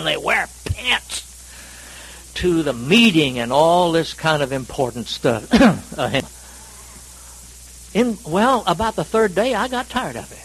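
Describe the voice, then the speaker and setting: Folksy preacher, higher voice. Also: male voice, breathy edge, rough recording. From North Carolina, USA. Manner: folksy, self-deprecating, dramatic swings in pitch and loudness. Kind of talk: sermon with humorous storytelling. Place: church service.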